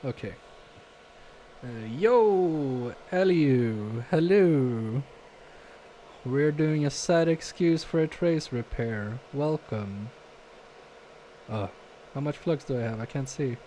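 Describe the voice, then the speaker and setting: A man's voice: mid-range voice, expressive, slow pace, long pauses, mellow, a little hiss or hum. A man casually live-streaming a repair from his home workbench, reading viewer chat aloud and muttering to himself with self-mocking humor.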